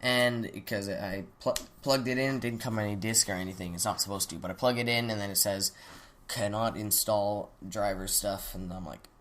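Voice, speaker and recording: On a desktop USB mic with a little hiss or hum, a young man reviews a weapon for his gaming channel in a fairly low, slightly bright voice, fairly even and at a moderate pace. His casual commentary is chatty and rambling, broken by self-interruptions and apologies for his hiccups and coughs.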